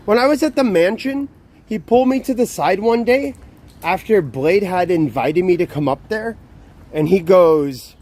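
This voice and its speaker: A man's voice: high voice, lively intonation, moderate pace, darkish tone. A young man live streaming outdoors, ranting in a profane, exasperated, repetitive way. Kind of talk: casual live stream talk.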